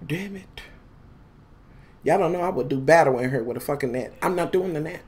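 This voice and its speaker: A woman's voice: low voice, fairly quick, husky. A woman vlogger, talking casually and dramatically to viewers, full of cursing. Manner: profane, dramatic, animated storytelling.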